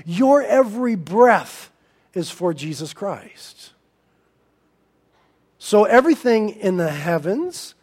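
A male pastor preaching a sermon in an animated, emphatic way, swinging between loud and soft. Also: high-pitched.

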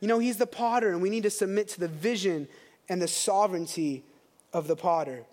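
Pastor, 30s, male. High voice, animated sermon storytelling. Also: fairly quick.

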